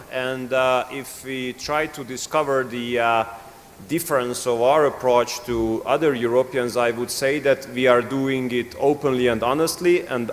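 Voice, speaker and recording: A man, answering on a conference panel in a firm, rhetorical, deliberate way. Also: medium pitch, slight background noise. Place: conference hall. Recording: long reverb in a conference hall.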